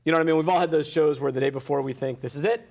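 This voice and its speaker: A man's voice: on the high side, fairly even intonation, racing, creaky, darkish tone. A man asking interview questions in an emphatic, joking way. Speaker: panel interviewer.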